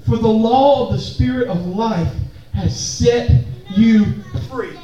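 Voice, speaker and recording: Speaking at a measured pace, a man with a very high, animated voice and a darkish tone preaches to a room full of people. His casual, joking sermon includes call-and-response, set in a church hall or meeting room. The recording is very echoey, with the mic far off.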